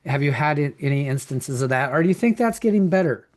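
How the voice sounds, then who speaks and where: A man's voice: fairly high pitch, expressive, fast, a little mellow. A man hosting a wrestling podcast, asking long rambling questions and trading coaching stories. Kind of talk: casual interview chat.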